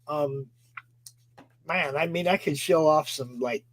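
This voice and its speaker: An easygoing male host keeps a live stream moving and guides his guest. His voice sits a bit high. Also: takes it slowly. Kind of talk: casual chat on a live stream.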